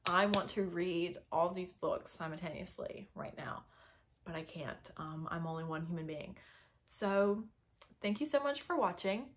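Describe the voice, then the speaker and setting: A young woman in a casual vlog, gushing about favorites with lots of ums and little laughs. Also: medium pitch. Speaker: book vlogger. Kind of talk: casual chat.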